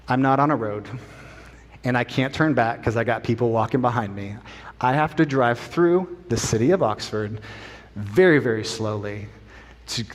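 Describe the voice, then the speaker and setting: A middle-aged man preaching a sermon as a pastor, an animated, self-deprecating storyteller, in a church sanctuary. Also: mid-range voice. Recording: long church hall reverb.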